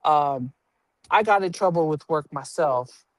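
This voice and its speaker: A woman's voice: sits low, measured pace, no room sound. A woman who works as a union representative at a prison telling a personal story in a candid, earthy way, swearing freely and laughing at herself.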